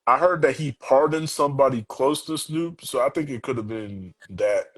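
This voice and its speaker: A man talking casually on a podcast, animated and talking in long runs with quick asides. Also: medium pitch, low-quality recording. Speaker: podcast guest.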